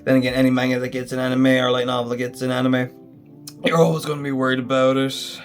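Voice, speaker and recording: A man talking casually to his viewers at a middle pitch, chatty and eager, with plenty of fillers and restarts. Soft guitar music plays faintly behind him. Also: flat delivery, fast. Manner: chatty, enthusiastic, lots of fillers. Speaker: manga reviewer. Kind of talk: casual video review.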